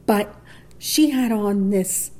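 A middle-aged woman tells a personal story with a mellow, dark voice. She acts out the lines of the people in it with lively shifts and sometimes sinks to a near whisper. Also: mid-range voice, slow. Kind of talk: personal story told to a listener.

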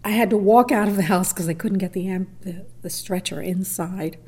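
A woman's voice: medium pitch, normal speed, darkish tone, husky. A middle-aged woman telling a personal story, acting out quoted voices and dropping to near whispers. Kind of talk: personal story told to a listener.

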